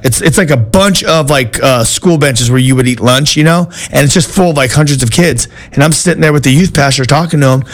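A male talk show host telling a story in a casual, animated way, full of "dude" and "like" and quick restarts. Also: medium pitch. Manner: animated and excitable, lots of "dude" and "like", frequent restarts.

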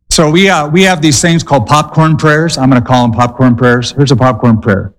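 A male pastor preaching a sermon, telling stories with dramatic pauses and quick bursts. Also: a little high, steady tone, big-room sound, poor audio.

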